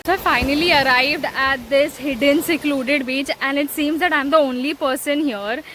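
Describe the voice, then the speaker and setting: A woman vlogging her travels in a relaxed, casual way, with lots of fillers and pauses as she shows a hostel room and a beach. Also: sits high, a little hiss or hum, low-quality recording. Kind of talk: casual travel vlog narration. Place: hostel room and outdoors on an island.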